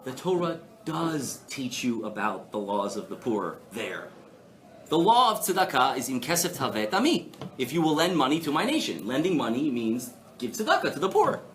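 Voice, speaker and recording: A man giving a live Torah class, animated and playful, asking the audience rhetorical questions. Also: mid-range voice, normal speed, a little hiss or hum. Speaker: rabbi teaching a class. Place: synagogue hall before an audience.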